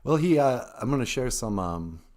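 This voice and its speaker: A man hosting a casual live-stream podcast, talking in a mumbly, low-key way. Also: sing-song, normal speed, a little mellow. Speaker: podcast host.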